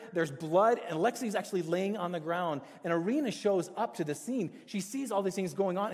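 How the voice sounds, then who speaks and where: A man's voice: sits high, a little mellow. A man preaching as a pastor, telling stories in a casual, chatty and self-deprecating way to his church. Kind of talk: casual storytelling sermon. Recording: long hall reverb.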